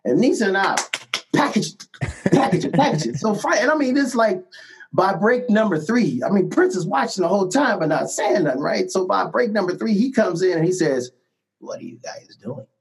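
A middle-aged man recounts his career as a musician in a relaxed interview. His voice sits a little high for a man, and he tells his stories with animation, often laughing and checking in with "right?" along the way. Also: brisk, background noise. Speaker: musician guest. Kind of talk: casual storytelling interview.

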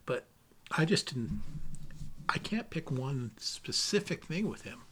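A man's voice: fairly high pitch, expressive, slow, a bit bright, slight background noise. A man telling stories about his father in a casual, rambling way, with many fillers and restarts. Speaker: interviewee remembering his father. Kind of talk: casual storytelling.

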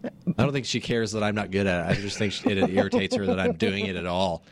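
A man's voice: lowish voice, very animated, fairly quick, vocal fry. A man co-hosting a casual family chat, joking and teasing. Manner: joking, teasing, laughs a lot. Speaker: podcast co-host.

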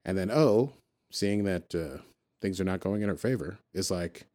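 A man's voice: deep voice, normal speed, warm tone. A man hosting a casual podcast, recapping an episode and acting out the characters' lines as he goes.

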